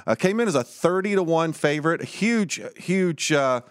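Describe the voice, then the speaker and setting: A man's voice: on the high side, lively intonation, moderate pace, clean tone, no echo, clean studio sound. A man with a Southern American accent, co-hosting a casual racing-betting chat in an easygoing way. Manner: easygoing, laughs often. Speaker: co-host.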